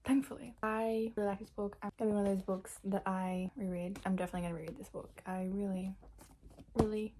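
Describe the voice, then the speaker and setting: A young woman chatting casually in a reading vlog, gushing about books with lots of fillers and quiet whispered asides. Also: mid-range voice, steady tone, fast, a little hiss or hum. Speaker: book vlogger.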